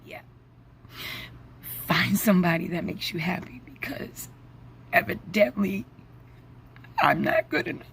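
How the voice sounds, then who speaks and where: A woman's voice: lowish voice, lively intonation, measured pace, vocal fry, pauses often, a bit bright, a little hiss or hum. A woman in her forties venting to her camera, angry, tired and swearing freely. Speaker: vlogger.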